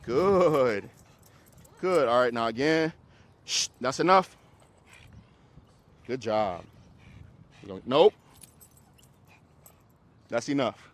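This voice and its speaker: A man who trains dogs, coaching a group class in a casual, hands-on way, giving quick commands to dogs and explanations to owners. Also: medium pitch, animated. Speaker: dog trainer.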